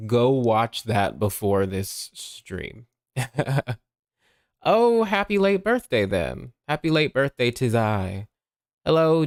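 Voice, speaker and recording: A man's voice: medium pitch, no room sound. Chatty man streaming a game, dry sound. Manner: chatty, greets viewers by name, laughs often. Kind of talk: casual livestream chat.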